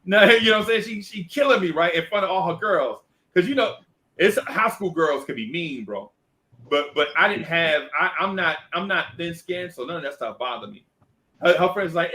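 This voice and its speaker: A man's voice: a little high, animated, normal speed, sharp tone. A middle-aged man telling a comic story, acting out each character's voice. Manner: playful, acts out every character's voice. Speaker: podcast co-host.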